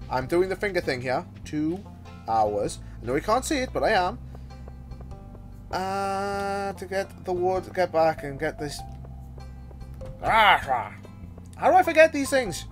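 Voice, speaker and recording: Animated man grumbling through gameplay. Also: high-pitched. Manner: exasperated, theatrical grumbling and mock insults. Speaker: gameplay commentator. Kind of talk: casual gameplay commentary.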